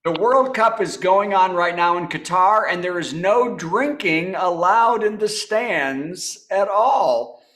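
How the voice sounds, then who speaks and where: A man's voice: high-pitched, slow pace, a bit bright. A man hosting a comedy show over a video call, telling topical jokes and chuckling at his own punchlines. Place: home apartment.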